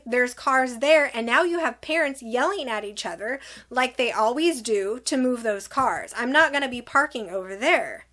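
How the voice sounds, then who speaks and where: Animated middle-aged woman telling a story. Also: on the high side. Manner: animated, acts out both sides of the argument in quick reported dialogue. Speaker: vlogger telling a personal story. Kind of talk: casual storytime.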